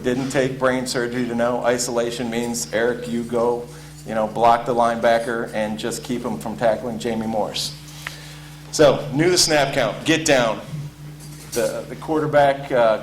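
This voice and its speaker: A former college football player telling a casual story with lots of ums and uhs. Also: male voice, medium pitch. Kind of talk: spoken anecdote to an audience. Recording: echoey room with faint hum.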